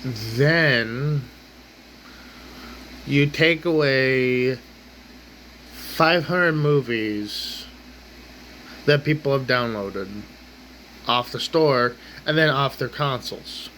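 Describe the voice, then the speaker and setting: A man's voice: medium pitch, very slow, long pauses, pushed and bright, a little hiss or hum, low-quality recording. A man ranting angrily at his table at home, exasperated, swearing and repeating himself. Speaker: ranting vlogger. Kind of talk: angry rant to camera. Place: home kitchen table, indoors.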